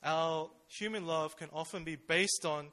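A young man preaches at church in a relaxed, chatty way, his voice bright, forceful, and on the high side, his pace a little slow. Fillers and rhetorical questions run throughout.

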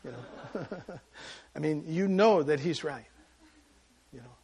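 Male pastor, sermon delivery, raspy and husky, emotional storyteller. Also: on the high side, expressive, slow. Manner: emotional storytelling with sudden loud bursts and quiet asides.

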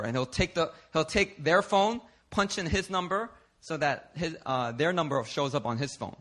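Bright-voiced, lively male preacher. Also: a little high, moderate pace, hardly any pauses. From Philadelphia, United States. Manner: animated, conversational, swings from hushed to loud while telling stories. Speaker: pastor. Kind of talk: sermon with storytelling. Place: church service.

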